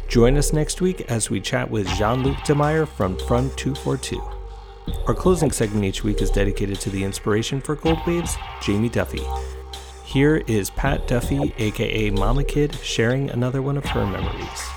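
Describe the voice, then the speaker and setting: A man hosting a podcast, reading the outro credits in an even, announcing way. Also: medium pitch, normal speed, vocal fry. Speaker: podcast host. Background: music.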